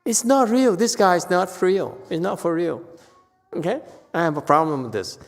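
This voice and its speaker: A man's voice: high voice, animated, normal speed. A man giving a Buddhist dharma lecture, blunt and scolding, often checking whether listeners understand. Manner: blunt, scolding, repeats questions to the audience. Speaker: Buddhist monk teacher. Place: temple lecture hall. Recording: long hall reverb.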